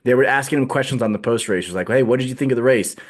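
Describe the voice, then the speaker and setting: A man's voice: medium pitch, racing. A man co-hosting a podcast, chatting casually and joking with frequent laughs. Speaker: podcast co-host. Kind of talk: casual chat.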